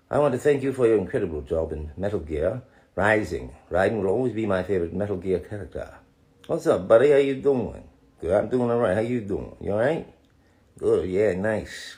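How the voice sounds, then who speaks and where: Playful low-voiced man reading fan chat. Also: mellow. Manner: playful, jokey, calls fans darling. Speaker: voice actor answering fan questions. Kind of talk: live stream Q&A, reading chat aloud.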